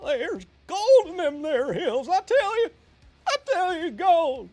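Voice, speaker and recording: A man voicing a jittery, scared old gold prospector with a high, cackling old-timer drawl during a live game stream. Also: very animated, takes it slowly, a little mellow, heavily acted. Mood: gleeful.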